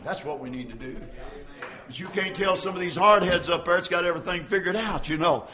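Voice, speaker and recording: An older man preaching a folksy sermon, calling out to his congregation by name and swinging between quiet storytelling and shouting. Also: sits high, brisk, dull audio.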